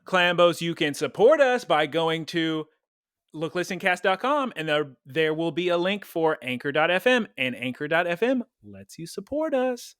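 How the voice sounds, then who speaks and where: A man co-hosting a podcast in casual chat, playful and quick to laugh. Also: a little high, sing-song, a bit bright, no echo, clean studio sound. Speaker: podcast co-host.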